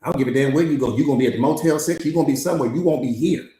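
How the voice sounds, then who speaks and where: Very fast and warm in tone, a mid-range male voice drives a live-streamed master class on motivation and mindset. He repeats himself for emphasis, leans on slang, and keeps throwing out rhetorical questions, all captured in an echoey room.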